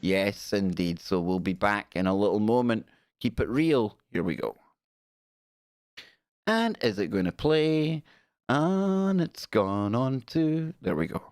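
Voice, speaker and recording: A man's voice: fairly low pitch, slow pace, clean tone, no echo. A man with a British accent hosting a live paranormal stream, talking casually and joking with his audience. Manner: lively, jokey, chatty with the audience. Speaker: host.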